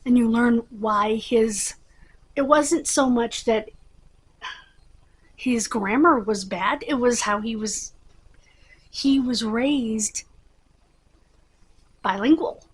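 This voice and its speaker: Husky, chatty middle-aged woman vlogger. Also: on the high side, slow, long pauses, rough recording. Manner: rambling, chatty, with many fillers. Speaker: channel host. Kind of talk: casual chat to camera.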